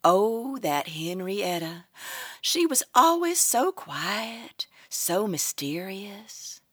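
Casting: actress voicing a prim, nosy Southern hotel clerk with a sugary drawl, voice swinging high and low, very dry sound. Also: female voice, sing-song, a little slow, no room sound, full character voice. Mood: gossipy. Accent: American Southern. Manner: prim and nosy, drops to hushed gossip. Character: gossipy genteel Southern hotel clerk woman. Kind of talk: comedic radio play acting.

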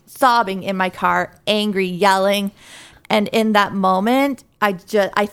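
A woman's voice: medium pitch, fairly even intonation, moderate pace, creaky, fairly bright tone, smooth. A woman speaking as a guest, telling her faith story candidly and earnestly, with light laughs at herself. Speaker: guest sharing her testimony. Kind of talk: personal faith testimony in conversation.

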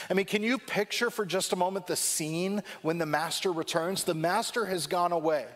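A man delivers a sermon in a somewhat high voice. He is reflective and emphatic, and he slows right down on the lines he wants to land. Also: a bit bright. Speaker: preacher.

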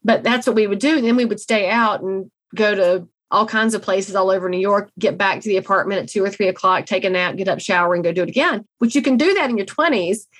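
A middle-aged woman with a Southern drawl tells stories as a guest on an interview show. She is blunt and folksy, often joking at her own expense, and she speaks at an even, mid-range pitch. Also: fast, few pauses. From American South. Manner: folksy, blunt, self-deprecating humor. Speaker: guest, real estate CEO. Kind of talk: conversational interview storytelling.

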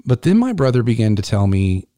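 A middle-aged man hosting a podcast, telling a personal story earnestly and haltingly, often repeating words as he recalls it. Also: medium pitch, big pitch swings, dark tone, dry recording, studio quality.

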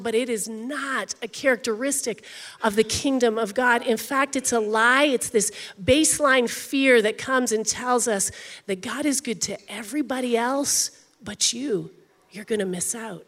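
A woman's voice: a little high, fairly bright tone, long reverb tail. A woman pastor preaching a sermon in a conversational, emphatic way, often saying "like".

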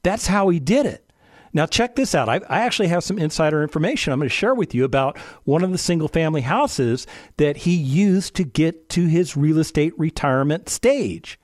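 An animated male radio host with a fairly high, lively voice that swings up and down as he fires off rhetorical questions. He breaks off for playful asides to his dog. The sound is close and dry on a studio microphone. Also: brisk, no room sound. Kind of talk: radio talk show monologue.

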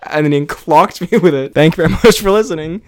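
A man's voice: fairly high pitch, quick pace. Giggly, rambling podcast co-host man. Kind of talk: comedy podcast banter.

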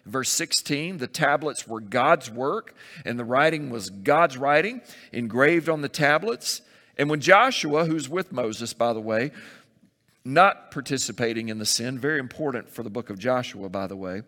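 Bright-voiced man preaching in a hall. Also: medium pitch, expressive, normal speed. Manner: reads scripture aloud, then comments with asides and jokes. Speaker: pastor. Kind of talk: sermon.

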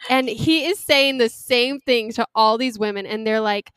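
A young woman chatting casually and animatedly, recapping a reality show with quick laughs. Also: a little high, fairly bright tone, clean tone, dry recording.

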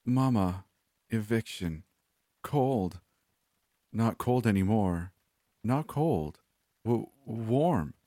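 A man's voice: lowish voice, lively intonation, dark tone, dry recording, studio quality, voice pushed up. A man voicing a frail, broken young woman who speaks in a weak, trembling, childlike way. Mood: murmuring. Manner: weak, trembling, halting speech. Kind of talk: horror story reading.

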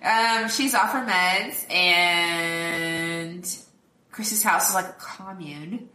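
A woman's voice: lowish voice, extremely slow, sharp tone, echoey room, distant mic. A woman co-hosting a podcast, recapping a film in casual chat, laughing often and acting out characters' lines. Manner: chatty, laughs often, quotes characters in voices. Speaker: podcast co-host.

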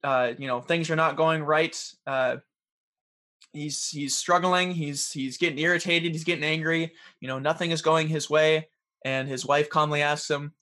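Young male podcast co-host, earnest, casual, a touch higher voice, mimics the people in his stories. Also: fairly even intonation, normal speed, sharp tone. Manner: earnest, acts out quoted people in an example. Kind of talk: casual chat.

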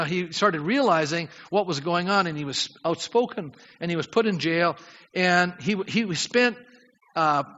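A man preaching a sermon as pastor, lively and questioning his congregation. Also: fairly high pitch. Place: church sanctuary. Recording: dull sound with long hall reverb.

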